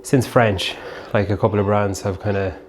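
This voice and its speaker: Rambling man with a low voice. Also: steady tone, moderate pace, slight background noise. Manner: rambling, heavy use of "like". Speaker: podcast host. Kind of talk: casual vlog chat.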